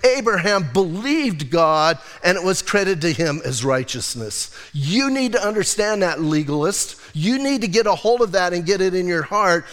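A man's voice: sits high, animated, moderate pace, few pauses, a bit bright. A male pastor preaching a sermon in a conversational way, teasing his congregation. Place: church sanctuary. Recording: long hall reverb.

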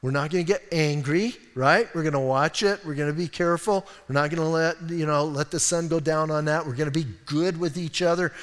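An older man preaching a sermon as a pastor, telling folksy stories with animated asides. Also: a little high, a little fast, hardly any pauses, in a large hall. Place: church sanctuary.

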